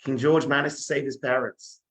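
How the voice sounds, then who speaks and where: A man, a rabbi, telling a story in a dramatic, animated way, acting out the scenes. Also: medium pitch, normal speed, low-quality recording. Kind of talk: storytelling sermon.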